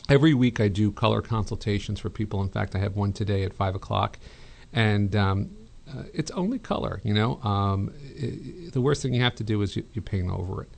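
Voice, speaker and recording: A middle-aged man hosting a call-in home design advice show, chatty and relaxed, with many fillers and restarts. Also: on the low side, fairly quick, vocal fry. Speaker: radio show host, interior designer.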